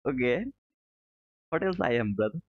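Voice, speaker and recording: A man's voice: medium pitch, animated, moderate pace. A man teaching trading live, walking through charts step by step, repeating key points and calling his viewers brother. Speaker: trading educator streaming live. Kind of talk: live chart commentary answering chat. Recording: narrow phone-like audio.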